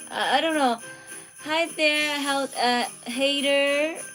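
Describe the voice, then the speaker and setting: Brief: woman art streamer, unhurried, chatty with chat, faint music underneath. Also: high-pitched. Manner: chatty, reads out viewer comments, drifts into soft near-whispers. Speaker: art livestream host. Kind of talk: casual livestream chat with viewers.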